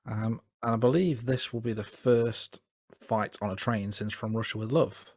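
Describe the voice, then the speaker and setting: Male podcast co-host, lowish voice, dry close mic, casual hesitant delivery. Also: normal speed, no room sound. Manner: relaxed, hesitant, with fillers and restarts. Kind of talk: casual film review chat.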